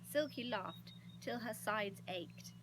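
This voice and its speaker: A woman reading a children's storybook aloud with expressive, lively delivery. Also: on the high side, slow pace, background noise. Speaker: storybook reader.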